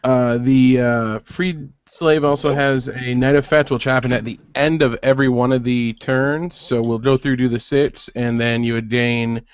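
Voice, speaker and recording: Male game designer, middle pitch, patient and methodical, dull lo-fi call audio. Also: steady tone, clear, resonant tone. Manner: patient, methodical, with frequent "uh" pauses. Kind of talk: explaining game rules on a video call. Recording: muffled web call audio.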